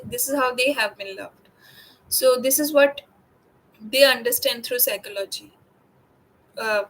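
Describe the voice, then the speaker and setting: A woman artist talking through her own work in a reflective, casual way, pausing often with fillers and restarts. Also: sits high, fairly bright tone, poor audio. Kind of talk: casual talk.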